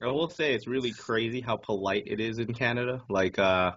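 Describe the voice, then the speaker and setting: A man's voice: medium pitch, fairly quick. A man from the United States, co-hosting a podcast in casual chat and telling stories full of swearing. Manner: profane, animated storytelling. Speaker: podcast co-host. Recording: dull lo-fi sound.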